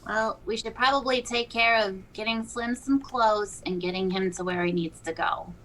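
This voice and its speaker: A woman's voice: mid-range voice, normal speed, a bit bright, distant mic, a little hiss or hum, low-quality recording. A woman playing a tabletop game, speaking in an encouraging way. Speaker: player. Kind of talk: tabletop role-play.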